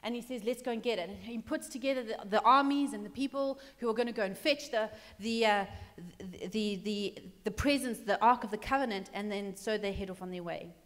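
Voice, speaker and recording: A woman pastor preaching a sermon, telling the story conversationally and acting out the characters, dropping to a hush and rising again. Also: mid-range voice, brisk, hardly any pauses, in a large hall. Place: church hall.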